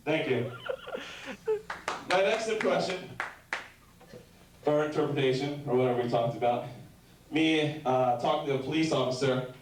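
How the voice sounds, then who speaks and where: A young man performing a stand-up comedy set, telling rambling deadpan stories and breaking into sudden shouted bits. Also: mid-range voice, normal speed, pauses often, noisy background. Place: comedy club stage. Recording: very echoey room heard from a distance.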